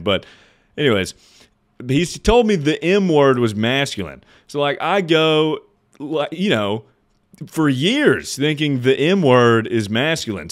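A young man streamer telling a rambling story on a livestream, laughing and swearing casually, sometimes jumping into loud squeals to act out his younger self. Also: fairly low pitch.

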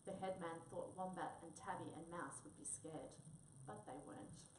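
A woman's voice: lowish voice, normal speed, background noise. A woman reading a children's story aloud, recorded in a roomy space from a distance. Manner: expressive storytelling. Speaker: reader. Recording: roomy, distant mic, faint ambience.

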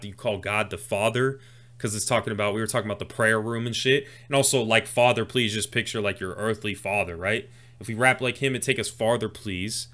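A man hosting a music reaction video, excitedly explaining rap lyrics line by line in casual talk. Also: medium pitch.

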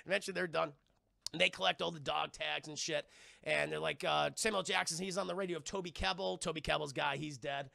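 Gravelly, bright-voiced excitable male streamer. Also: on the high side, no echo, studio quality. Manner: excitable and profane, quick asides to chat. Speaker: streamer reviewing a film. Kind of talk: live-stream movie recap addressing chat.

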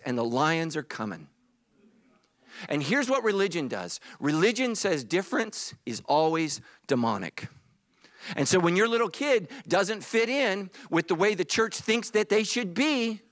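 High-voiced pastor preaching emphatically. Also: male voice, fairly bright tone, dry recording. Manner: emphatic, repetitive preaching with humor. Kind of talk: sermon. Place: church stage.

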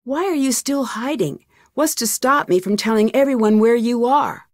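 An actress playing a calm, inquisitive young female detective in a video game, asking steady, polite, probing questions. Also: on the high side, moderate pace, no echo, studio quality, natural voice.

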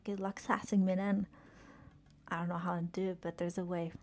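A woman's voice: on the low side, level tone, moderate pace, a little mellow. A woman streaming a video game, chatting with her chat and swearing when things go wrong. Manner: swears often, exclaims in frustration; chatty, reads chat aloud and answers it. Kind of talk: casual gameplay commentary.

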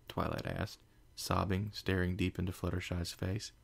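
A man reads a story aloud in a low, gravelly voice. His narration is steady, with a stumble here and there. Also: moderate pace, hardly any pauses. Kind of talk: fan fiction reading.

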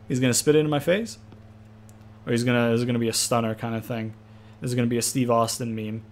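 A young man giving casual, profane let's-play commentary, trash-talking and excitable as he plays a wrestling game. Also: mid-range voice, fast. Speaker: gaming commentator.

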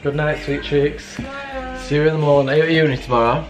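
A man's voice: a little high, steady tone, fast, over loud music. A tired young man, chatting casually in a late-night bedroom vlog, sassy and swearing, laughing often. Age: young adult. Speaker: vlogger.

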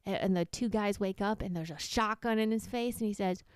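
Podcast co-host, female, rambling storyteller with a smooth voice, dry close sound. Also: medium pitch, brisk, dry recording. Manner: rambling storyteller, acts out characters loudly. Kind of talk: casual chat, telling a long joke.

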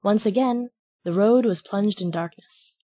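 Husky woman reading a storybook aloud. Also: medium pitch, unhurried. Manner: steady, expressive reading. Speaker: audiobook reader. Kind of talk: storybook narration.

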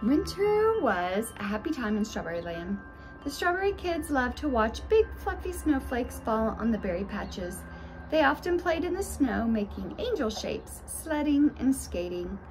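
A woman reading a children's storybook aloud in an expressive, sing-song way. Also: on the high side, measured pace, over music. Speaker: storybook reader.

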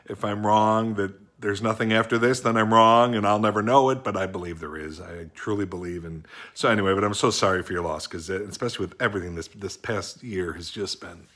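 Middle-aged man, low voice, bright forceful tone, casual video message, earnest. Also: a little fast. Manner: warm, joking, then heartfelt and earnest. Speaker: actor sending a birthday video message.

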